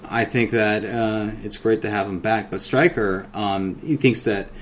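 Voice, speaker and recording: A man with a low voice who lays out his views on the podcast in a measured, thoughtful way. A faint background hiss sits under his speech. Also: fairly even intonation. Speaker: podcast co-host. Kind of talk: casual podcast discussion.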